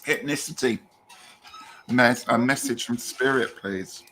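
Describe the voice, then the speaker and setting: A man's voice: mid-range voice, measured pace, noisy background. A British man from the UK hosting a live tarot stream, chatty and self-deprecating in casual conversation. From United Kingdom. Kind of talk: casual chat.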